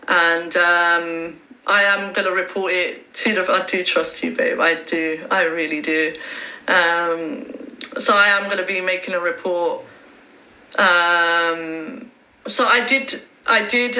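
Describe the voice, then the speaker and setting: A woman hosts a casual livestream, halting and full of ums as she talks to her viewers and reads chat aloud. Her voice is very bright, and the room around her rings with echo. Her pitch sits in the middle. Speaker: livestream host.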